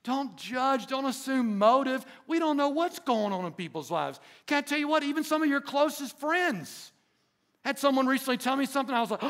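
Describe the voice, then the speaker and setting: A male pastor delivers an emphatic sermon in his church, throwing call-and-response asides to the congregation. His voice sits high for a man, with a gravelly, fry-laden edge. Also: expressive, fairly quick, a bit bright. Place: church sanctuary.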